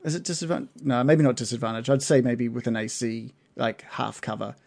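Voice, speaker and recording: A man's voice: mid-range voice, fairly even intonation, a little fast, gravelly, a little mellow. A man narrating as game master of a tabletop game, hesitant, with many fillers and restarts.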